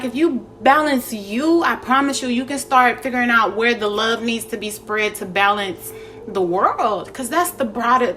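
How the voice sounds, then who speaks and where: A young woman, talking to her viewers in a casual, profane spiritual vlog, animated and laughing often. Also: high-pitched. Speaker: spiritual vlogger.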